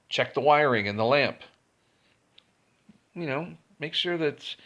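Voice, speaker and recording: Gravelly guy telling a cussing, blunt story, laughing here and there. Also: mid-range voice, a bit bright. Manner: blunt and profane, laughs between lines. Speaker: storyteller vlogger. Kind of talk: casual profane storytelling.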